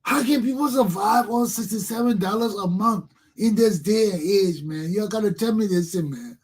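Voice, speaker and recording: A man's voice: high voice, normal speed, hardly any pauses, darkish tone, breathy edge. A man with a Liberian English accent hosting a talk show, giving impassioned political commentary and repeating himself as he addresses his listeners.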